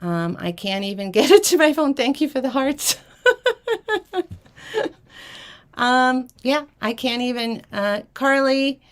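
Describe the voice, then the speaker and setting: A woman's voice: sits high, moderate pace, few pauses, clear, resonant tone. A woman hosting a live vintage jewelry auction stream, flustered and rambling, laughing often between fillers and restarts. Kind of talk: casual live-stream chat.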